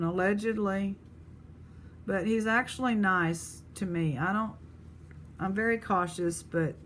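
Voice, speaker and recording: Slow, low-voiced rambling woman. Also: a little hiss or hum. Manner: rambling, chatty, pricing pieces as she talks. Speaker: vlogger selling jewelry. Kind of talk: casual chat.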